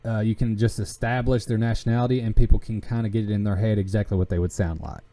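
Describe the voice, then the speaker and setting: A man's voice: fairly low pitch, fairly even intonation, warm tone. A man with a Southern US country accent talking in a casual, rambling way, full of fillers and restarts. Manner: halting, many fillers and restarts. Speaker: podcast host.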